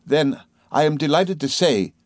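A man reading aloud as an earnest young lawyer, speaking briskly and brightly. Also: medium pitch, expressive, dry recording, clean studio sound, lightly acted.

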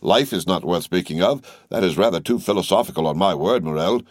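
A man's voice: low-pitched, expressive, fairly quick, no echo. A man voicing an effusive, dashing male aristocrat of about thirty. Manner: effusive, grand.

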